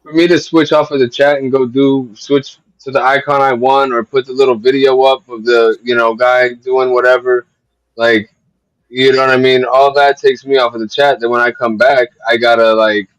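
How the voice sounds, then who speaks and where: A man's voice: mid-range voice, level tone, no echo, dull audio. Profane, emphatic male podcast host. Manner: profane, emphatic, talks fast in long run-on stretches. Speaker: show host. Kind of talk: casual livestream podcast chat.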